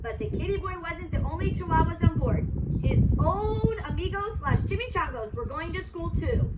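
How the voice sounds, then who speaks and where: High-pitched teacher lady reading a kids book, super animated, lots of noise behind her. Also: moderate pace. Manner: animated, voices the characters with big pitch swings. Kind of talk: expressive picture-book read-aloud. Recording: loud background noise.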